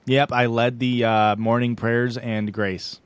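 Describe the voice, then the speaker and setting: A young man co-hosting a casual podcast and spinning a rambling, self-deprecating story, laughing at his own jokes. His voice is mid-pitched and recorded close and dry. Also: level tone, slow pace, clear, resonant tone, dry recording. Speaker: podcast co-host. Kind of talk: casual chat.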